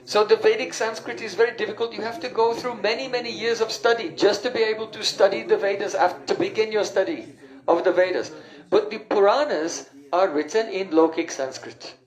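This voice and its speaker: A man with a fairly high voice lectures on scripture in a patient, explanatory way, now and then pausing to recall a term. His voice rings in an echoey room. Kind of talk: spiritual lecture.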